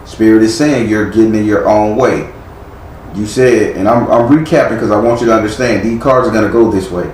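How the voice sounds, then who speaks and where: Blunt low-voiced man reading tarot. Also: fairly quick, darkish tone. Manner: blunt, chiding, casual slang. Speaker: tarot reader. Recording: echoey room with faint noise.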